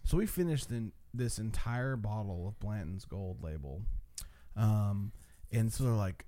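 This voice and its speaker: A man tells a wild night-out story in a low, mellow voice. He swears freely and slips into quick voices for the people he quotes, all loose and casual. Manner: animated, profane, acts out quotes. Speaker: storyteller among friends.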